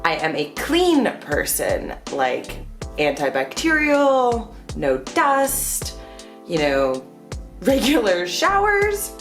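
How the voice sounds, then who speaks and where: A young American woman vlogging a casual Q and A from her bedroom, chatty and animated, with lots of fillers. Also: medium pitch, slow pace, roomy sound, faint music behind. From United States. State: out of breath. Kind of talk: casual Q and A vlog. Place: indoors at home, bedroom.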